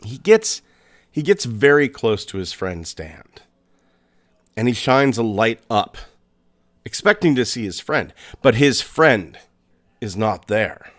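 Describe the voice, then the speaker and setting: A man hosting a podcast, narrating a scary story in a suspenseful way, with pauses and restarts. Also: mid-range voice, very animated. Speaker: podcast host.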